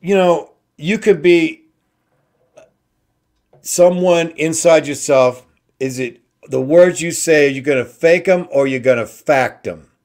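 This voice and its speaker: A man hosting an inspirational talk show, slowly repeating simple phrases with emphasis. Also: fairly high pitch, darkish tone. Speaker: host.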